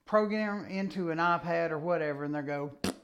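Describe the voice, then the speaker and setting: A man co-hosting a podcast in casual chat, joking around and throwing in quick asides. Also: a little high, fairly bright tone, highs cut off, a little hiss or hum. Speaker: podcast co-host.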